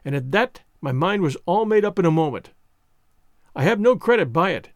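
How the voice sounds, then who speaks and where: A man narrating a classic adventure novel in the first person, expressive and storytelling. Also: high-pitched, normal speed, dry recording, clean studio sound. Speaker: audiobook narrator.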